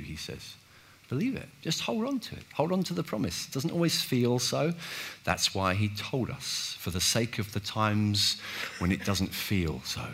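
A man's voice: fairly low pitch, lively intonation, moderate pace, a bit bright, husky. A man preaching a sermon in a church, emphatic and repeating words, acting out quotes with big swings in volume. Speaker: pastor.

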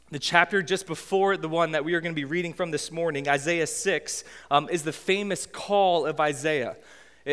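A man in his thirties preaching a sermon as pastor, conversational and animated as he tells the story. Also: on the high side, clear, resonant tone, long reverb tail.

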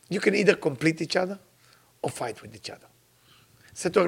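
A man's voice: fast, vocal fry, pauses often, slightly rough. Older man preaching emphatically. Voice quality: non-native grammar. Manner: emphatic, repeats phrases, rises to sudden high exclamations. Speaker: spiritual teacher. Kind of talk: sermon to followers.

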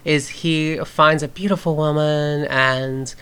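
A woman's voice: low-pitched, steady tone, takes it slowly, fairly bright tone, clean tone. A woman from the southern United States co-hosting a podcast, explaining things earnestly in a casual chat. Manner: earnest, explanatory, with many fillers and restarts. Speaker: podcast co-host.

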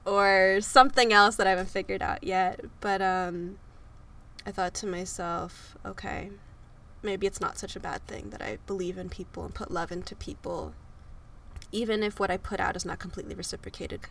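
A woman's voice: medium pitch, sharp tone. A young woman in her twenties hosting a podcast, talking through a personal story in an emotional, tearful way and laughing at herself. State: sniffly from crying. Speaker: podcast host. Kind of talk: personal confessional monologue. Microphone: close microphone.

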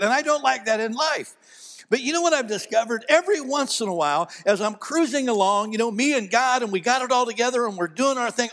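A man's voice: sits high, fairly bright tone, in a large hall. A man from Ohio preaching a sermon, telling stories earnestly and building to emphatic delivery. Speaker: pastor.

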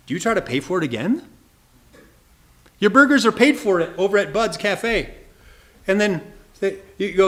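A man's voice: high voice, sing-song, normal speed, long pauses. A man giving an earnest sermon, often repeating words and speaking straight to his listeners. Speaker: preacher teaching evangelism.

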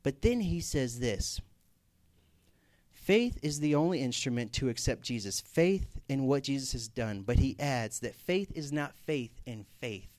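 A man's voice: mid-range voice, expressive, unhurried, a little mellow, no echo. A young man preaching a sermon in a conversational way, rising to emphatic Scripture reading.

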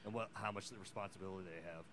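Fast-talking low-voiced man. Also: fairly even intonation, a bit bright, slight background noise. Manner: quick, musing, frequent agreeing interjections. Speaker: podcast co-host. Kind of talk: casual chat.

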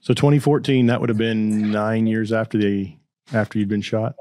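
A man with a low voice hosts a casual podcast interview, agreeing often and encouraging his guest. The sound is dry, with little room echo. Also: level tone, normal speed, a little mellow. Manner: encouraging, lots of short agreements. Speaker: podcast host.

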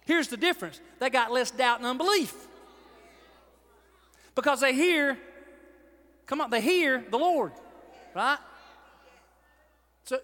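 A pastor preaching a sermon, animated, swinging between shouted lines and hushed ones. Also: male voice, extremely high pitch. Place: large church hall. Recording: long hall reverb.

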